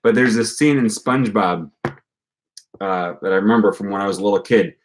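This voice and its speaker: A young man with a fairly low voice chats casually to his viewers on a livestream. He sounds upbeat and encouraging, and he wanders through his points with plenty of ums and uhs. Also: normal speed, a little hiss or hum. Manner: upbeat, encouraging, rambling with fillers. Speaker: language-learning channel host.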